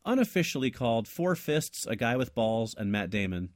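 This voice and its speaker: A man co-hosting a casual podcast, telling a made-up movie ending with animated, laughing delivery. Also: mid-range voice, normal speed, no echo, studio quality. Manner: animated, laughs often, trails off and restarts. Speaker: podcast co-host.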